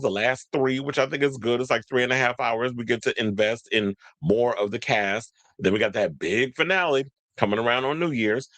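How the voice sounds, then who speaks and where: A man's voice: mid-range voice, fairly bright tone, no room sound. A man hosting a casual pop-culture show, chatty and rambling, often losing track of names. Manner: chatty, tangential, forgets names. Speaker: podcast host.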